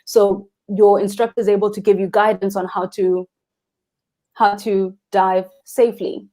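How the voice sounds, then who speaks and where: Guest spot: young South African woman, warm mellow tone, earnest and expressive about the ocean. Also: medium pitch, a little slow. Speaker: freediving instructor, guest. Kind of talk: live interview chat.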